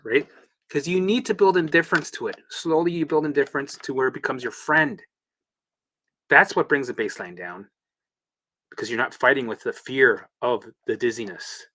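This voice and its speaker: A man's voice: mid-range voice, lively intonation, a little fast, fairly bright tone. A man talking casually as a recovery coach, blunt and swearing freely, acting out his own past reactions. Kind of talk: casual monologue.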